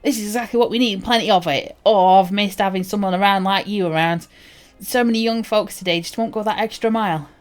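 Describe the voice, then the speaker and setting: Woman putting on a gruff old quest-giver with a folksy accent. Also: medium pitch, natural voice. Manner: put-on folksy accent, drawn-out delivery. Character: gruff older quest-giver who complains about youth.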